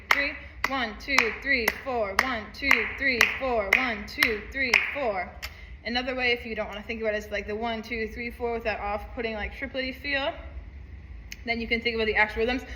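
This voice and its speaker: A woman's voice: on the high side, echoey room, very noisy. A woman teaching a saxophone part, upbeat, counting aloud and singing rhythms. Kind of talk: music lesson walkthrough.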